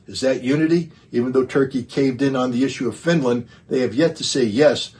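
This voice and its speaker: An American man speaks as a panelist at a conference. He argues emphatically, throws in rhetorical questions, and often restarts with an um or a you know. His voice sits at an ordinary middle pitch. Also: brisk, hardly any pauses, darkish tone. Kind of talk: prepared political talk.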